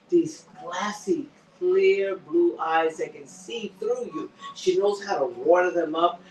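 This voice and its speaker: A man hosting a casual TV recap chat, animated and acting out characters' lines as he retells scenes. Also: sits high, slight background noise. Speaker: show host. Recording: echoey room, distant mic.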